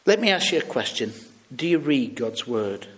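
A man's voice: medium pitch, moderate pace, a little hiss or hum. A British man preaching a sermon, telling stories and acting out the people he quotes. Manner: storytelling, lively, acts out quoted voices.

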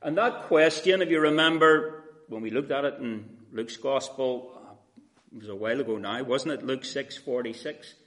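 A man preaching an expository sermon, addressing his listeners as friends, with frequent pauses and fillers. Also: mid-range voice, a bit bright.

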